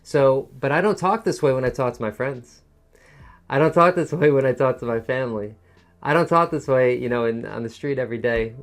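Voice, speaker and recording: A man gives an online lesson in a soft, musical teacher voice that swings up and down. His pitch sits in an ordinary middle range. He speeds up and then slows right down to stress a point. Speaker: TOEFL teacher. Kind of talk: online lesson explaining a test.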